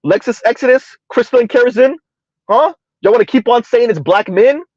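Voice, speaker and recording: High-voiced man mocking in rhetorical questions. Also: brisk, darkish tone, no echo, muffled recording. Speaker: commentary video host. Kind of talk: reaction commentary.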